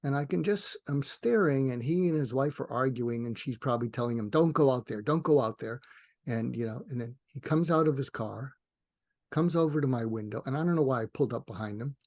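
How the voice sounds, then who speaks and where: Older male guest, rambling storyteller, animated quotes, mid pitch. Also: a little fast, dry recording, studio quality. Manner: rambling with frequent restarts, acts out dialogue with rising pitch. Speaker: psychiatrist guest. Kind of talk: animated storytelling in a podcast interview.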